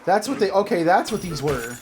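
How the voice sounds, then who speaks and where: A Canadian gaming video host in his thirties talks fairly quickly in a high, very animated voice, with a little hiss or hum on the recording. He rambles and mocks himself while telling a story over casual gameplay commentary.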